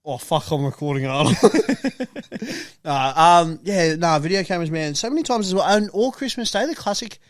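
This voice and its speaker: A man's voice: a little high, animated, moderate pace, dry recording, clean studio sound. A young man, co-hosting a podcast, joking, swearing and acting out quotes. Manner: jokey, swears, acts out quotes. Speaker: podcast co-host. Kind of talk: casual chat.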